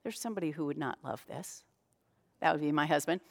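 A woman's voice: mid-range voice, expressive, moderate pace. A middle-aged woman pastor giving a sermon in a conversational, self-deprecating storytelling manner. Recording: long reverb of a large hall.

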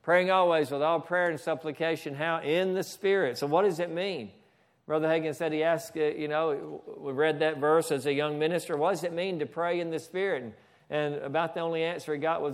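A man's voice: a little high, steady tone, brisk, clean tone. A man preaching a sermon in a church, often asking "Amen?" and stopping to direct the slides. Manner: preaching with frequent "Amen?" and asides to the slide operator. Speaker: pastor.

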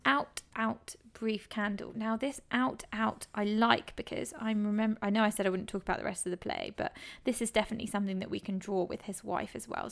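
A woman's voice: a little high, creaky. A woman tutor explaining a set text for an exam in a chatty, enthusiastic way, with frequent ums.

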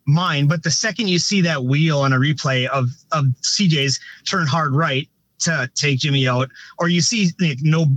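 Rambling race director, higher-pitched man. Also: moderate pace, a bit bright, no echo. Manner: rambling, frequent restarts and "you know". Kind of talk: casual podcast conversation.

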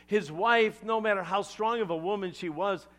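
A male pastor preaching a sermon, retelling a scripture story with animated asides to the congregation. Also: high voice, normal speed.

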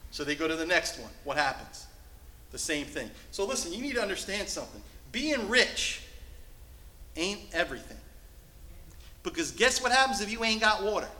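A male pastor preaching a sermon from the pulpit, shifting between loud, emphatic lines and hushed, soft passages. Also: sits high, very animated, moderate pace, echoey room, low-quality recording. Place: church sanctuary.

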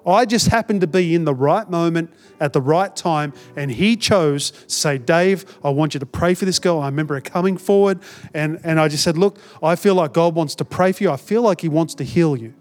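A man's voice: on the high side, brisk, a little mellow, faint music behind. A man preaching a sermon, who tells a story in an earnest, conversational way and acts out the dialogue. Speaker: pastor.

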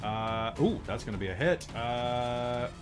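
A man's voice: mid-range voice, a little slow, over music. A man narrating a tabletop game as game master, chatty and full of fillers and self-corrections.

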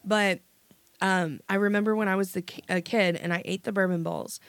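A woman's voice: mid-range voice, fairly even intonation, normal speed, dry recording. A woman in her thirties co-hosting a podcast in casual chat, chatty and giggly, swearing freely. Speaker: podcast co-host.

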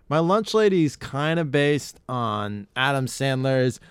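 Rambling, animated podcast host. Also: male voice, medium pitch, takes it slowly, hardly any pauses, clean tone, dry recording, clean studio sound. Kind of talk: casual chat.

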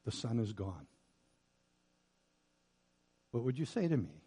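A man's voice: mid-range voice, very animated, slow pace, pauses often, husky. Man preaching a Bible sermon. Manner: preaching with rising emphasis on scripture lines, dropping quiet and intimate in asides. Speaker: pastor.

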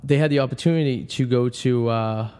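A man's voice: mid-range voice, a little fast, warm tone, clear, resonant tone, long reverb tail. A man co-hosting a radio talk show, telling rambling stories full of "uh" and restarts. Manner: rambling storyteller, trails off with uh. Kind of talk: casual banter. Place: small radio studio.

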